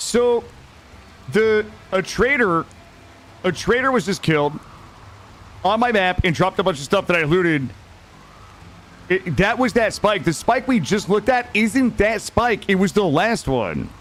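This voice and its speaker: A man streaming a game live, talking casually to his chat in an excitable, slangy way and swearing freely. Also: sits high, measured pace, pauses often.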